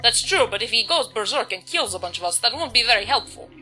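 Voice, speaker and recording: A woman voicing an uneasy male space trooper in a deliberately bad put-on Italian accent that drifts toward Russian. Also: fairly high pitch, lively intonation, pushed and bright, soft background music, low-quality recording. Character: jittery male space trooper writing a log.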